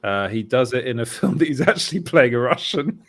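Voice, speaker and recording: A man's voice: mid-range voice, expressive, fairly quick. A young English man hosting a casual talk show, chatty, laughing often and trailing off. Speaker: host. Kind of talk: casual podcast chat.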